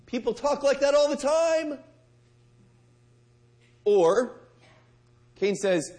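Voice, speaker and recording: Male preacher, high voice, conversational sermon delivery with questions to the congregation, loud and hushed by turns. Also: slow pace, pauses often. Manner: conversational, asks the audience direct questions.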